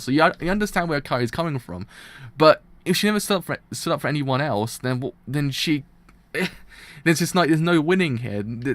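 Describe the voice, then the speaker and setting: Man, live reaction streamer, heated ranting, mid-pitched voice, dry close sound. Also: a bit bright, no echo. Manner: impassioned, ranting, repeats "kind of" often.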